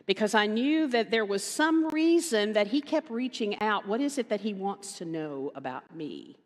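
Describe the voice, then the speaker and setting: A woman minister giving a conversational sermon, telling a story with animated quoted voices and emphatic repetition. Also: mid-range voice, normal speed, hardly any pauses. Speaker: guest minister. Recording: reverberant hall.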